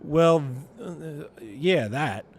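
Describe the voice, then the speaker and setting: A man's voice: a little high, lively intonation, drawn-out words, darkish tone. A man co-hosting a podcast, telling a story in casual chat with many fillers and frequent laughs. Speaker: podcast co-host.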